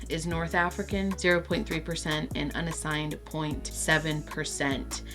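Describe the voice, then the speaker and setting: A woman from Brazil chatting excitedly to camera as a vlogger and stumbling over words. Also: on the low side. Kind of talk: casual chat to camera.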